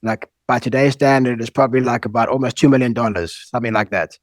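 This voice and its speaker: A man's voice: mid-range voice, steady tone, fast, dry recording. A man in his thirties with a South African accent, talking frankly and casually about money as a guest. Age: 30s. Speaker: guest, husband. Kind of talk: casual candid conversation.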